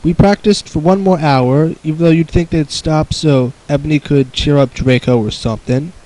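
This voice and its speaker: A man's voice: fairly high pitch, moderate pace, a little mellow, low-quality recording. A young man reading a bad fan story aloud with sarcastic, mocking asides. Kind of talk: comedic dramatic reading with commentary.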